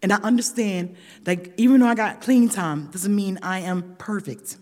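Animated middle-aged woman in a reverberant hall. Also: medium pitch, normal speed. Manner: animated, dramatic, swinging from loud outbursts to hushed asides; chatty, addresses listeners directly. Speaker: speaker sharing at a recovery meeting. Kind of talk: storytelling share to a live audience. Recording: long reverb of a large hall.

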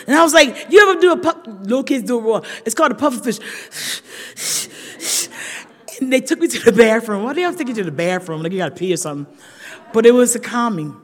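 A middle-aged woman telling a dramatic story at a recovery meeting, talking straight to the crowd and swinging between loud outbursts and hushed asides. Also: fairly high pitch, lively intonation, brisk. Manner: chatty, addresses listeners directly. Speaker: speaker sharing at a recovery meeting. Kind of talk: storytelling share to a live audience. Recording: long reverb of a large hall.

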